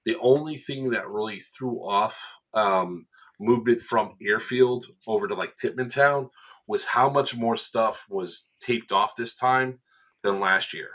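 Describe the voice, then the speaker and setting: A man on a casual podcast recounts a day out on the field with real animation. His voice sits on the low side but has a bright, forward edge. He slips into quoted lines and laughs often. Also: a little slow. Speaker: event staff member recounting a game day.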